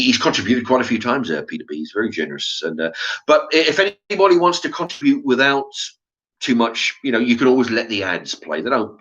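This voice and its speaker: A man, host of his own channel, telling a story in a casual, blunt monologue full of swearing. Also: low voice. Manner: animated, blunt, swears freely. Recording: dull lo-fi recording.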